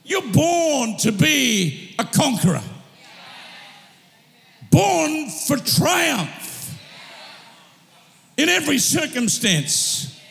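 A male pastor preaching a sermon, impassioned, swinging from shouted declarations to slow, drawn-out teaching, in a church hall with a long echo. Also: very high-pitched, big pitch swings, creaky. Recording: echoey hall reverb.

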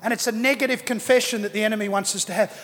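Very high-voiced preaching man. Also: fairly even intonation, rapid-fire, a bit bright. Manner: emphatic, repeats key phrases, acts out quoted people. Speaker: pastor. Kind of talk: sermon. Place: church auditorium. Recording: long reverb from a large hall.

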